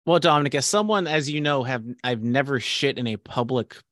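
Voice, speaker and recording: A man co-hosts a podcast and drops short, dry, sarcastic remarks. His voice is mid-pitched and the recording is close and dry. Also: expressive, a little fast, fairly bright tone, no room sound. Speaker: podcast co-host. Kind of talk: casual podcast chat.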